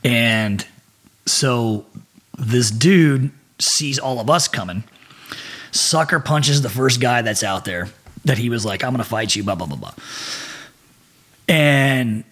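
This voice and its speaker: A man in his forties, a podcast guest, telling a profane, animated story with frequent laughter. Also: mid-range voice, slow pace, long pauses. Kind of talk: casual storytelling.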